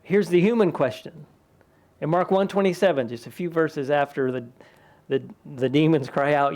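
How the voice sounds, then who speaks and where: A man's voice: fairly high pitch, normal speed, a little mellow. A man, a pastor, preaching a conversational sermon in a church, lifting his voice when he quotes the people in the scripture. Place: church sanctuary.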